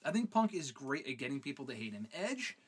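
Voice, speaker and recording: A man hosting a live wrestling Q&A stream, his voice rising and falling widely as he talks. He is loose and profane, reading viewer questions aloud and riffing on them. His pitch sits in a middle register. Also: sing-song, brisk, breathy edge. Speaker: host.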